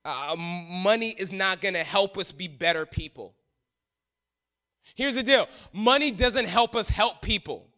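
A man preaching as a pastor, swinging between loud emphatic passages and hushed, quiet ones. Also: sits high, expressive, normal speed. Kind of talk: sermon.

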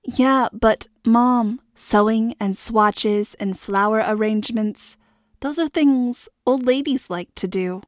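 A woman narrating a storybook voices a self-conscious teenage girl, a little exasperated and quick. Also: a little high, no echo, clean studio sound.

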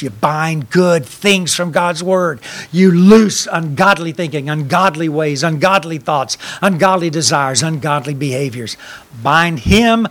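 Fervent male pastor, higher voice. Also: a bit bright. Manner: fervent, rhythmic declarations with repetition. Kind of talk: sermon.

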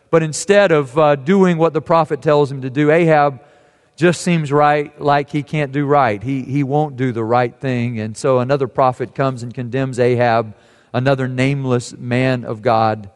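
A man preaching a sermon, telling a scripture story and quoting its voices softly. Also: medium pitch, clear, resonant tone, long reverb tail.

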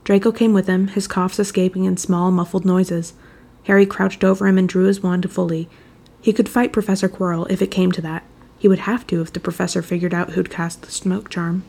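Gravelly, husky woman narrator. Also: lowish voice. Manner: steady, measured storytelling. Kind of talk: reading fan fiction aloud.

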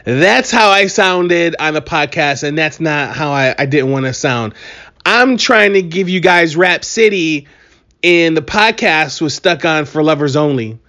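Male podcast host, slightly high, animated and joking, allergy-worn voice, muffled home recording. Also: unhurried. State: allergies, voice a bit strained. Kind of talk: casual solo podcast monologue.

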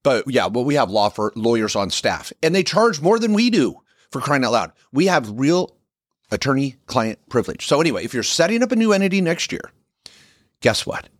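A man co-hosting a business podcast, pitching services in an emphatic, animated way with many restarts. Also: fairly quick, dry recording, studio quality. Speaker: podcast co-host, business lawyer. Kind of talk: casual podcast chat.

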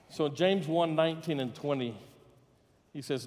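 Speaking slowly with long pauses, a man with a fairly high, darkish voice preaches a sermon as pastor, telling a funny story and voicing the people in it. The recording, made in a church sanctuary, carries a long hall reverb.

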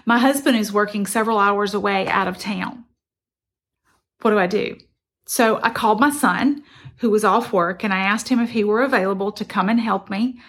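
Gravelly-voiced woman telling a story. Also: mid-range voice, moderate pace, a bit bright. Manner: earnest, reflective, conversational. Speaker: motivational speaker. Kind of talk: personal storytelling.

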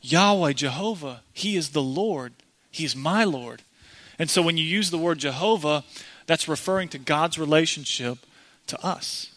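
Man, pastor, earnest sermon, bright voice, a bit high. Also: normal speed. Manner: earnest, speaks directly to the congregation. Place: church.

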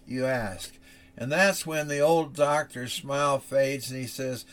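A man preaching, telling a dramatic story that swings from loud urgency to hushed softness and acts out the voices in it. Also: medium pitch, unhurried. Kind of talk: sermon illustration, dramatic storytelling.

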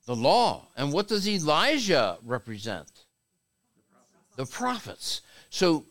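Male bishop, sermon delivery, unhurried with lively call-and-response. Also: a little high. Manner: slow, animated preaching with call-and-response. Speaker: bishop preaching.

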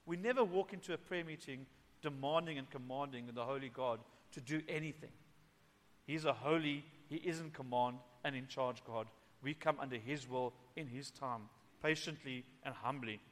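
A man preaching a sermon as pastor at a church meeting, swinging from soft and hushed to loud and emphatic. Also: on the high side, long reverb tail.

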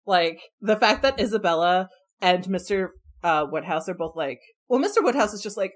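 A woman's voice: mid-range voice, expressive, normal speed. A woman in casual movie chat, laughing a lot and mimicking characters' reactions.

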